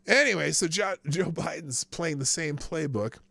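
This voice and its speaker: A man's voice: fairly high pitch, normal speed, creaky, few pauses, pushed and bright, no echo. A man hosting a live news commentary show, talking in a sarcastic, rambling way with frequent swearing and restarts.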